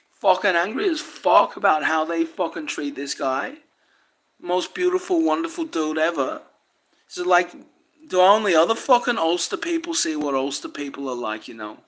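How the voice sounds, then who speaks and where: A woman's voice: deep voice, a bit bright. A woman delivering a rambling, angry monologue, swearing nearly every sentence. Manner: swears constantly, rambling, frustrated. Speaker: vlogger.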